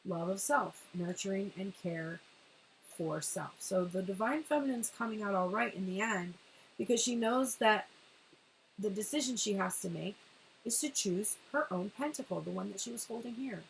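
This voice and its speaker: Lady doing a tarot reading, talks fast and swears a lot, a bit of background hiss. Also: mid-range voice, creaky, poor audio. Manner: swearing, animated, laughs often. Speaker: tarot reader.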